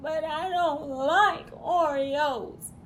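A woman voicing a whiny crying little child who talks in slow, sulky whines. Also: high voice, slight background noise, voice pushed up.

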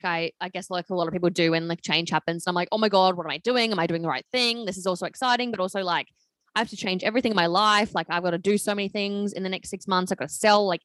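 Fast-talking woman, gushing. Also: on the low side, dry recording. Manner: gushing, animated storytelling. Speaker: podcast co-host. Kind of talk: casual chat.

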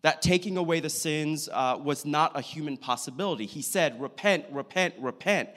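A man's voice: fairly high pitch, normal speed, fairly bright tone. Earnest preacher man in a reverberant hall. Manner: earnest storytelling preacher, acting out quotes. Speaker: pastor. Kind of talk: sermon.

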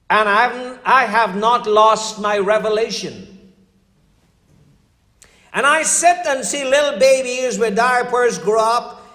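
An older man, a pastor, preaching a conversational sermon full of stories, sometimes dropping his voice low for emphasis. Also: fairly bright tone, echoey room, long reverb tail. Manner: storytelling, conversational preaching with dramatic drops in voice.

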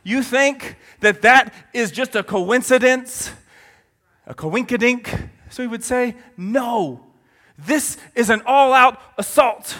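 A man preaching a sermon with a very high voice. His tone is bright and forceful, and he drives his points home with emphatic rhetorical questions to the congregation. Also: long reverb tail.

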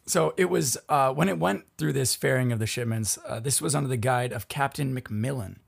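A man's voice: mid-range voice, a little fast, creaky. A man hosting a casual podcast, telling a history story and laughing often as he goes. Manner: laughs often while narrating.

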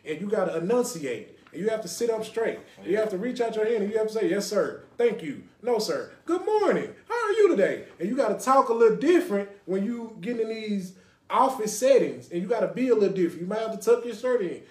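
A young adult man from Dallas, Texas, hosts a loose, casual podcast, rambling from thought to thought and checking in with "you know what I mean". His voice sits a little high for a man, and the room gives it a noticeable echo. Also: quick pace. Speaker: podcast host. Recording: roomy echo.

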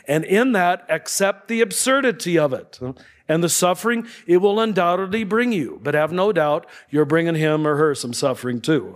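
A man giving a spiritual talk to an audience, conversational, often checking in with the listeners and chuckling softly. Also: on the high side. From United States. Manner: conversational, checks in with tag questions and soft chuckles. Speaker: spiritual teacher.

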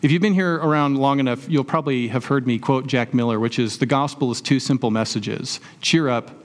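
A man's voice: mid-range voice, fairly quick. Conversational man preaching a sermon. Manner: conversational preaching with rhetorical questions and everyday examples. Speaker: pastor.

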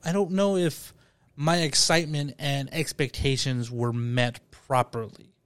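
A man's voice: mid-range voice, steady tone, a little slow, fairly bright tone, dry recording. A man leads a casual podcast conversation about a new film. He rambles a little and repeats words as he works out what he thinks. His voice sits close and dry on the mic. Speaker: podcast host. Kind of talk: casual movie review chat.

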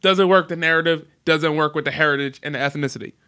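Young man, podcast host, slightly high voice, bright tone, joking, animated. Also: fast talker, smooth. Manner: joking, animated storyteller who mimics voices. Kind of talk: casual podcast chat.

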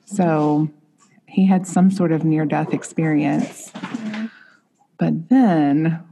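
A woman's voice: deep voice, slow, creaky, background noise. A woman in her thirties, a mother and podcast guest, earnestly telling a heartfelt personal story in conversation.

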